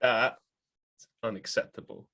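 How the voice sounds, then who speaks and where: A young adult man hosts a podcast, rambling through casual chat and often hedging or correcting himself. His tone is bright and forceful, and he talks a little slowly.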